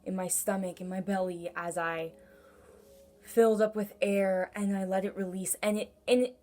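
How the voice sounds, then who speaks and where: A woman's voice: mid-range voice, flat delivery, normal speed, warm tone. A young woman talks through a tarot reading in a casual, earnest way, wandering into asides as she goes. Her voice sits forward and a little pinched, with a brassy edge. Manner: earnest, encouraging, rambling with many asides. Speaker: tarot reader.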